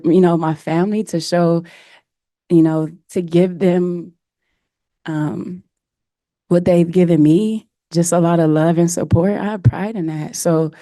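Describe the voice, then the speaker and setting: Woman coach, low flat voice, earnest and emotional at the presser. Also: unhurried, dry recording, clean studio sound. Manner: earnest, emotional, with many fillers. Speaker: head coach. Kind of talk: press conference answers.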